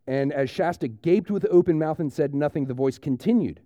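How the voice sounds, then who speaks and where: A man, preaching a conversational sermon and retelling a story with lively restarts. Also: medium pitch, normal speed, hardly any pauses, no echo, studio quality. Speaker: pastor.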